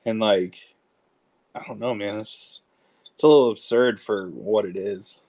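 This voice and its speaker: Low-voiced man in easygoing chat. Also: unhurried, darkish tone. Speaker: guest. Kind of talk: casual chat.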